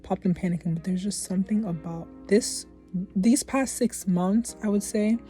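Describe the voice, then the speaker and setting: A woman's voice: mid-range voice, measured pace, mellow, faint music behind. A young adult woman vlogging candidly about her life, heartfelt and rambling, often restarting her sentences. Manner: heartfelt, rambling, self-correcting. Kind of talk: candid personal vlog.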